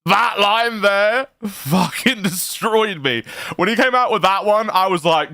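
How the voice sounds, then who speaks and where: A man's voice: high voice, lively intonation, unhurried, bright, forceful tone, dry recording, clean studio sound. A man streaming, reacting to a clip in casual chat, laughing often and swearing freely. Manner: laughing often, profane, rambling.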